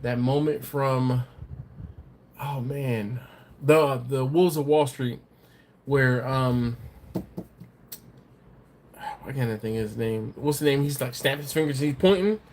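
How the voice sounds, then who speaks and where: A man's voice: medium pitch, unhurried, long pauses, darkish tone, a little hiss or hum. Chatty man hosting a live stream. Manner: chatty and rambling, laughs often, repeats words. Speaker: livestream host reading viewer chat. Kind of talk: casual live chat.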